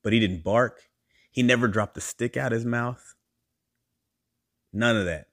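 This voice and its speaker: A man hosting a podcast, telling a story in a casual monologue and acting out the voices of the people in it. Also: unhurried. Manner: animated, acts out quoted voices with big pitch jumps. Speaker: podcast host.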